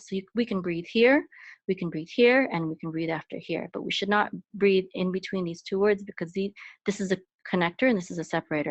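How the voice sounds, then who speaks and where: A woman teaching Hebrew letters step by step, patient and explaining with fillers, breaking into high chanting for words. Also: dry recording. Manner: chants words in a much higher, louder voice. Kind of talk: step-by-step Hebrew reading lesson. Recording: dry, dull lo-fi sound.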